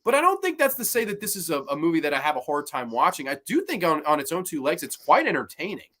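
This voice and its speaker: A man hosts a casual horror podcast with a high, ringing voice. He talks in an animated way, swears freely, and laughs as he retells scenes. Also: quick pace. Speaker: podcast host. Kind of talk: casual horror movie review chat.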